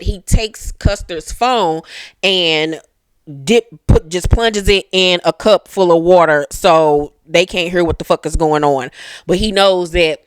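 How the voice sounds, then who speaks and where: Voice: mid-range voice, no room sound. Chatty recap host, curses a lot, jumps into silly character voices, speech, dry close sound. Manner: animated, profane, acts out characters in shifting voices. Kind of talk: casual comedic recap.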